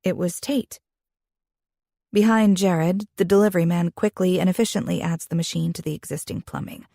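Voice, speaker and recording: A young woman reading a first-person romance audiobook in an expressive, intimate way, with a husky voice. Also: lowish voice, moderate pace, no room sound, studio quality. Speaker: audiobook narrator.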